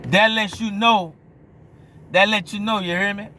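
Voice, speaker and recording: A man's voice: sits high, fairly even intonation, measured pace, bright, forceful tone, a little hiss or hum. A man with a New Orleans accent giving a blunt, profane opinion monologue, often stopping to ask if you hear him. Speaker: vlogger.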